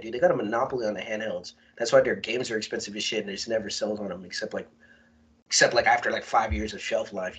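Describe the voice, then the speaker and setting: A man co-hosting a casual podcast, talking in a loose, animated way full of slang and swearing. His voice sits at an ordinary middle pitch, and he speaks like he is hanging out with a friend. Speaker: podcast co-host. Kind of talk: casual chat.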